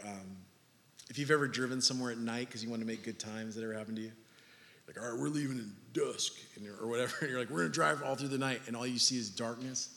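A man in his thirties preaching a sermon, animated and jokey, acting out little everyday scenes to make his points. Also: medium pitch. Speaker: pastor. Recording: long hall reverb.

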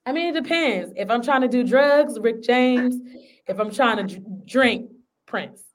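A woman's voice: a little high, measured pace. Laid-back joking woman guest. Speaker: singer guest. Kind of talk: casual podcast chat.

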